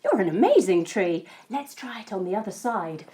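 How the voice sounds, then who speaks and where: Playful, expressive woman storyteller. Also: mid-range voice, normal speed, breathy edge. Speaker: kids' yoga teacher. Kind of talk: storytelling yoga lesson for children.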